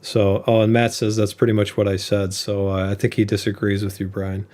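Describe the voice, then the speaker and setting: A man's voice: fairly low pitch, little pitch movement, a little fast, darkish tone. A man co-hosting an investing show, joking and interrupting in casual chat. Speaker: co-host.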